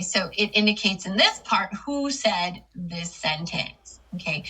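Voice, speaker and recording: Bright-voiced woman teaching patiently. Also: medium pitch, husky, rough recording. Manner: patient, checks in with frequent "okay". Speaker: ESL teacher. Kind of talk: classroom lesson on punctuation.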